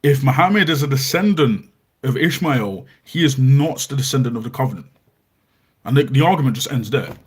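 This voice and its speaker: Male apologist, husky voice, combative commentary with scripture reading, mid-range pitch. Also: expressive, fairly quick. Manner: argumentative, reads scripture aloud with frequent self-corrections. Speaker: Christian apologist.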